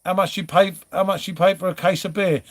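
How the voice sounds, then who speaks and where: A man from England hosts a relaxed live stream from home. His voice sits high, and he rambles from topic to topic. He keeps breaking off to greet viewers and answer their comments. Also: fairly quick, slight background noise. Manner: chatty, rambling, reads out chat comments. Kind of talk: casual chat.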